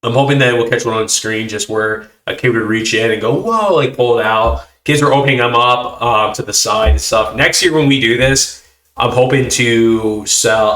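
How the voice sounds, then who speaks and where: A man hosting a casual chat, telling stories with animated voices for the people in them. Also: medium pitch, roomy sound. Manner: animated storytelling, acting out kids' reactions. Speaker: host.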